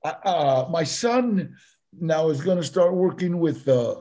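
An older man, a guest actor telling stories in casual talk, animated and halting with many fillers. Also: on the high side. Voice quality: gravelly, husky voice. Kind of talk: casual storytelling.

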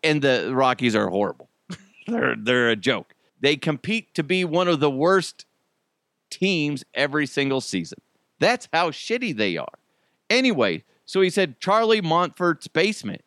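A man's voice: mid-range voice, very animated, measured pace, fairly bright tone, no room sound, clean studio sound. A man hosting a casual solo podcast, chatty and self-deprecating, laughing often as he talks. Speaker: podcast host.

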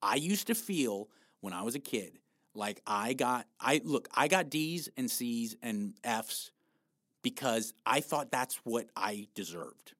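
A man at an ordinary pitch for his sex talks frankly about losing body fat, swearing often and punching his words with emphasis. His delivery is blunt and motivating, as he keeps pushing his listeners to keep going. The recording is close and dry, with no room sound. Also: expressive, slow pace, a bit bright, dry recording. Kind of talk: motivational fitness talk.

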